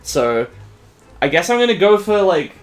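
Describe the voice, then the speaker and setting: A man's voice: high voice, sing-song, moderate pace. A man hosting a game playthrough, chatting casually in a rambling, hesitant way. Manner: rambling, hesitant, with fillers and laughs. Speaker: let's play host. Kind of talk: casual chat.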